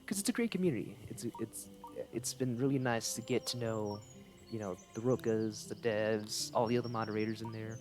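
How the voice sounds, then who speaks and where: Young guy rambling on his game stream, keeps restarting his sentences, faint music behind. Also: medium pitch. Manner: rambling, chatty, self-correcting. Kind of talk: casual livestream commentary.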